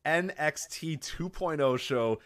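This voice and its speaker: A man's voice: a little high, slow pace, a bit bright. A man co-hosting a podcast in casual chat, chatty and jokey, laughing often. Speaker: podcast co-host.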